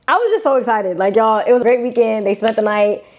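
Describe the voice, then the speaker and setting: A young woman from Brooklyn with a New York accent, telling a personal story to her viewers in a casual, animated, slangy way. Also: on the high side, fast. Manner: animated, slangy, acts out quotes in shifting voices. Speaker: vlogger.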